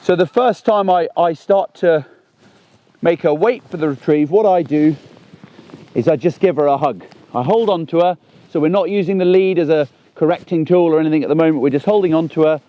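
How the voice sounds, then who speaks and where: A man, talking through a gun dog training session outdoors on a lawn, chatty and animated. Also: a little high, fairly quick, dull audio. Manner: chatty and animated, bursts into excited exclamations.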